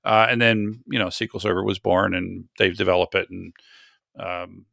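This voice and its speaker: Podcast host, man, gravelly and bright, rambling conversational delivery. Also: sits low, fairly even intonation, moderate pace, no room sound, studio quality. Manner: rambling, self-correcting, chatty. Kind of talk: casual tech podcast chat.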